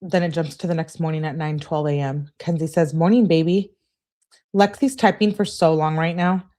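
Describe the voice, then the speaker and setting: A woman's voice: sits low, fairly even intonation, moderate pace, dark tone. A woman hosting a true crime channel, reading text messages aloud and adding emphatic, exasperated asides.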